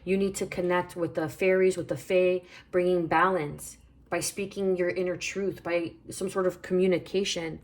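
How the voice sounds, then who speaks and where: A woman with a somewhat low voice speaks through a spiritual tarot reading. She is calm and reflective. She repeats phrases and reads card numbers aloud as she goes. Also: moderate pace. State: hiccuping. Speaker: tarot reader.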